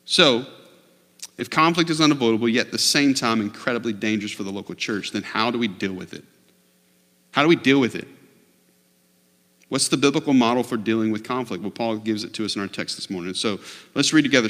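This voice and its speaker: A man preaching a sermon in a church, earnest, dropping low and quiet, then rising to loud mock shouts. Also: normal speed, pauses often. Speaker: pastor. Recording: long reverb of a large hall.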